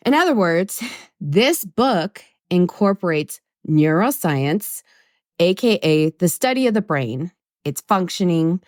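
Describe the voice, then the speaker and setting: A woman with a low voice hosts a self-help podcast in a blunt, swearing, emphatic monologue. She pokes fun at herself as she goes. The recording is dry and close to the mic. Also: no echo. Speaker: podcast host.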